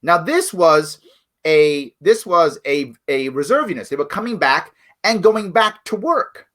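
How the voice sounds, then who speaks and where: He's a middle-aged man hosting a political commentary livestream, his voice bright, forceful and slightly high. Animated yet measured in pace, he speaks bluntly and emphatically right to his viewers.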